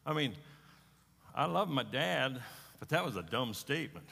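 A middle-aged male pastor preaches in a folksy, homespun way, often doubling his words as he goes. His voice is bright and forceful. It rings with long reverb through a large church hall. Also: medium pitch, sing-song, moderate pace, vocal fry, pauses often, breathy edge. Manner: folksy, repeats words as he talks. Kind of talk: sermon with personal storytelling.

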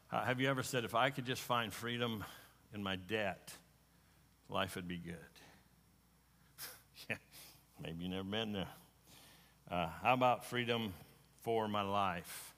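A middle-aged male pastor preaches in a folksy, homespun way, often doubling his words as he goes. His voice is bright and forceful. It rings with long reverb through a large church hall. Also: lowish voice, slow, long pauses. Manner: folksy, repeats words as he talks. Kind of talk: sermon with personal storytelling.

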